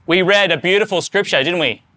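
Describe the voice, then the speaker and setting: A man's voice: high voice, a little fast, pushed and bright. A man preaching a sermon to his congregation, earnest and rising to fervent emphasis. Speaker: pastor.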